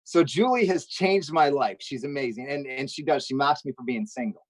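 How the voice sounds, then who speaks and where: A man doing an upbeat stand-up comedy set on a charity stream, telling jokey stories with quick asides. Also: medium pitch, expressive, dry recording, rough recording.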